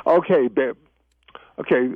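Slightly slow and medium in pitch, a radio talk-show guest tells his stories chattily and laughs readily during a casual interview. The phone-line sound is tinny and dry, without echo.

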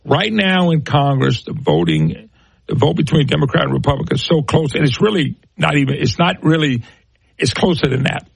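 A man's voice: on the high side, very animated, moderate pace, creaky, husky, no echo. A middle-aged man hosting a political talk radio show, ranting scornfully and firing off rhetorical questions.

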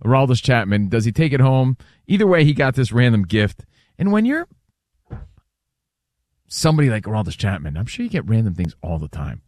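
A man co-hosting a casual chat show, telling a story with lively acted-out bits. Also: medium pitch, fairly quick, no echo, clean studio sound. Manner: animated storyteller, acts out voices. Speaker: co-host.

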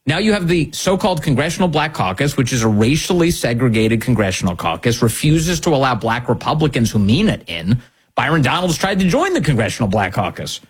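Emphatic husky man on a monologue. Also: on the high side. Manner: sarcastic, indignant, emphatic. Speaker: political commentary host. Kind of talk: opinion monologue.

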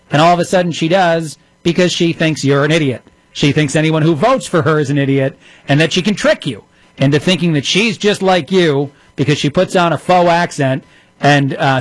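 Man, political commentary host, sarcastic and mocking, slightly high voice, dry close sound. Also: no room sound, low-quality recording. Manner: sarcastic, mocking, plays clips and reacts.

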